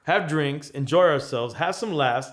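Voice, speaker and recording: A man's voice: a little high, unhurried, a bit bright. A man, a DJ guest on a podcast, talking in a laid-back way and swearing freely. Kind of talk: casual interview.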